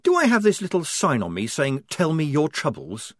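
A man voicing a young woman soldier disguised as a boy, talking in a quick, sharp, urgent way. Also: on the high side, wildly swooping pitch, no echo, clean studio sound, pitched above the performer's own voice. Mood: exasperated.

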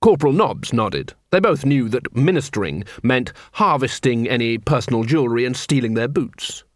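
A man narrating a comic novel in an even storytelling read. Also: mid-range voice, moderate pace, dry recording, studio quality. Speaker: audiobook narrator. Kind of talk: scripted narration.

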